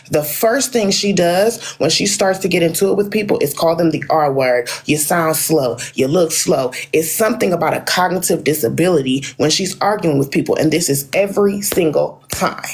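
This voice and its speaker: Defensive woman with a husky voice. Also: sits low, expressive, normal speed. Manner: defensive, insistent. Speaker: guest on a live stream. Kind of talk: heated argument on a live stream.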